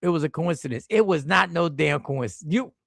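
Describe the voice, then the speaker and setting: Livestream host, male, high gravelly voice, slangy and animated, dry close sound. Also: a little fast, no room sound. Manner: animated, slangy, reacts to chat with sudden exclamations. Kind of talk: casual livestream chat reading comments. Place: airport.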